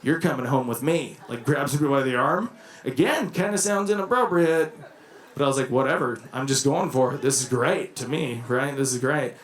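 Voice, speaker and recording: A man's voice: medium pitch, moderate pace, a bit bright. A young man doing a rambling, self-deprecating stand-up set, laughing at his own lines. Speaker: stand-up comedian. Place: comedy club stage before a laughing crowd. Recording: echoey club with crowd laughter. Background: audience laughing.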